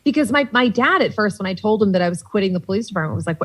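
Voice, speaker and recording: A young woman from Boston with a Boston accent, a comedian guest telling lively stories in casual podcast chat and acting out the voices she quotes. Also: mid-range voice, very fast, few pauses, slightly rough, rough recording.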